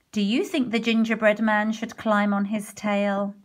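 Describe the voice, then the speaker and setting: A woman teacher reading a storybook aloud for children, expressive and gentle, pausing to ask the listeners questions. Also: mid-range voice.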